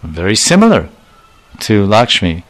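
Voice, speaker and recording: A man's voice: lowish voice, wildly swooping pitch, a little slow, a bit bright. A man teaching a devotional lecture, retelling scriptural dialogues and quoting verses in his storytelling. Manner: storytelling, acting out dialogue with quoted Sanskrit-Bengali terms. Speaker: spiritual teacher.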